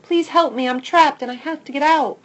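A woman's voice: fairly high pitch, fairly even intonation, unhurried, a little mellow, distant mic, dull audio, natural voice. A woman voicing an eager, food-crazy pet dog in an audiobook, gushing in breathless exclamations. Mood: pleading. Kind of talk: audiobook character voice.

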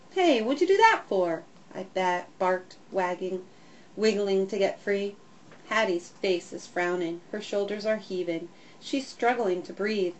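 A woman narrating a first-person children's story in a lively, expressive way. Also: medium pitch, lo-fi sound, slight background noise. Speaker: audiobook narrator.

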